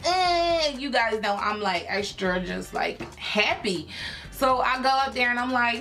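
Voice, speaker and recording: A young woman from Philadelphia, a beauty YouTuber, telling an excited storytime to her viewers in a chatty way with many fillers. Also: a little high, a little slow, soft background music. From Philadelphia, USA. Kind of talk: storytime vlog, casual chat to viewers.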